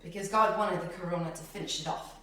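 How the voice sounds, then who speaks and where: A woman preaching in an emphatic religious talk, laughing often and swinging between loud outbursts and hushed words. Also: on the low side, fairly even intonation, fast talker. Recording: roomy, far from the mic.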